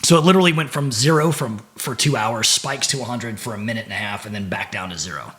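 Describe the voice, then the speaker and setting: A middle-aged man who served as a Navy SEAL recounts a story on a podcast in a voice on the low side, talking quickly. The casual storytelling is profane and animated, with repeated words and restarted phrases.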